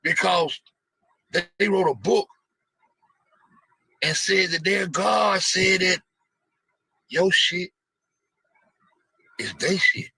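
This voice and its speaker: Man, reaction host, raspy, bright and edgy, preachy rhetorical questions. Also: sits high, extremely slow, long pauses, no room sound, poor audio. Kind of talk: casual commentary over played clips.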